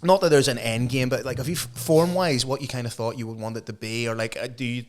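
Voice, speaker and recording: A man's voice: medium pitch, fast talker. A man co-hosting a podcast, chatting casually and swearing freely. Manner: swearing, easygoing, asks questions. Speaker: podcast co-host. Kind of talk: casual chat.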